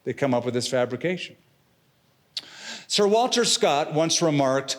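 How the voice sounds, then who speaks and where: A middle-aged male pastor delivers a sermon with dramatic, expressive phrasing and casual slang. His voice sits a little on the high side. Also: a little slow, long pauses.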